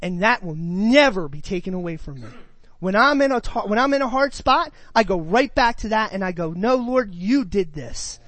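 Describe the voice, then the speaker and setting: A man's voice: high-pitched, lively intonation, brisk, fairly bright tone, dry recording. A man preaching a sermon, reading scripture and asking his congregation questions with emphatic delivery.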